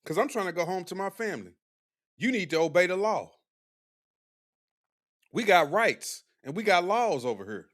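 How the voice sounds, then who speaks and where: Brief: blunt young male streamer arguing with his chat, slangy and combative, animated pitch. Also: normal speed, long pauses. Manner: blunt, combative, preachy slang-heavy delivery. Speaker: livestream commentator. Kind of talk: live-stream commentary reacting to chat.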